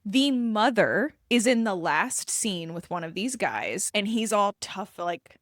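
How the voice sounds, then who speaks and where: Animated, emphatic woman podcast host. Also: medium pitch, no echo, studio quality. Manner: animated, emphatic, shifts between quick bursts and slow deliberate phrasing. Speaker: podcast co-host and embodiment coach. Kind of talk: casual podcast chat.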